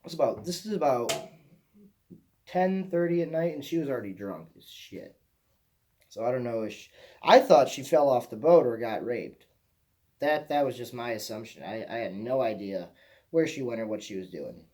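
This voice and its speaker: A man's voice: medium pitch, expressive, moderate pace, a little mellow. A young man from Michigan telling a rambling personal story as a vlogger, swearing casually and often repeating himself. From Michigan, USA.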